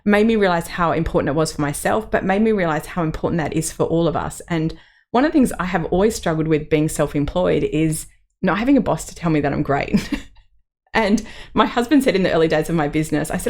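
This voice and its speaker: A woman's voice: sits low, animated, fast, darkish tone. A middle-aged woman, hosting her own podcast in a chatty, open way with plenty of ums. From Australia. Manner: chatty and open, many ums, laughs through emotion. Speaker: podcast host. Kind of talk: solo podcast reflection.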